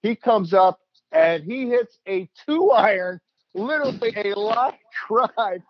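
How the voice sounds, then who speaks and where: High-voiced animated male storyteller. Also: dry recording. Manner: animated, laughing, acts out quotes. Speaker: host, former player. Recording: dull, lo-fi dry sound.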